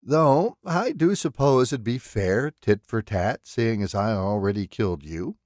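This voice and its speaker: A man voicing a calm, polite killer in an audiobook, speaking in a precise, mannered and coolly threatening way. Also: on the low side, a little slow, dry recording, studio quality, pitched above the performer's own voice. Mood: menacing. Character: calm, menacing male killer, polite and unhinged.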